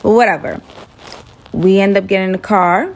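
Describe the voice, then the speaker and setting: A young woman telling a dramatic personal story in a chatty, animated way, full of asides. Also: mid-range voice, normal speed, a little hiss or hum. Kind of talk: casual storytime monologue.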